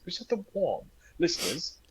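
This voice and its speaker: Over a background crowd and poor audio, a high-pitched young man co-hosts a podcast at normal speed. He's an animated storyteller who swears liberally in casual conversation.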